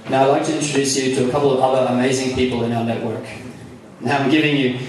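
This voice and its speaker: A man's voice: mid-range voice, flat delivery, fast talker, background noise. An Australian man giving a chatty, enthusiastic live talk at a conference, joking about himself as he goes. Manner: chatty, self-deprecating, enthusiastic. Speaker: speaker. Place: large hall. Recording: echoey hall, mic from far off.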